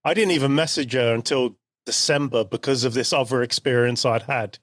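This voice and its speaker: A man in his forties co-hosts a podcast, telling a story in a relaxed, chatty way. His voice sits at an ordinary pitch, and the recording is close and dry with no room sound. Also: a little fast, no room sound. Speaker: podcast co-host. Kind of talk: casual chat.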